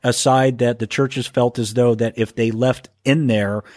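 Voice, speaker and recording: Halting man reading listener mail. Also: medium pitch, steady tone, a little mellow, no echo. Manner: halting, stumbles and restarts when reading aloud. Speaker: podcast host. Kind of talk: casual podcast monologue, reading listener mail. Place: home.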